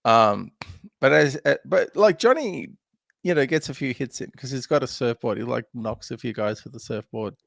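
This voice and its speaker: A man's voice: medium pitch, animated, normal speed, vocal fry, fairly bright tone, dry recording, clean studio sound. A man hosting a podcast, chatting casually about a film with lots of laughs and fillers. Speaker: podcast host.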